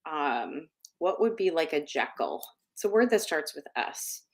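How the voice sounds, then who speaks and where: A woman co-hosting a casual live-stream chat, chatty and thinking out loud. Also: sits low, very animated, measured pace. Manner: chatty, searches for words aloud, uses fillers. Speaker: co-host.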